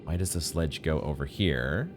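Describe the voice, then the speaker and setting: With an extremely low voice at a moderate pace, a man streams his blind playthrough of a video game, chatting and musing playfully as game music plays behind him. It's live gameplay commentary.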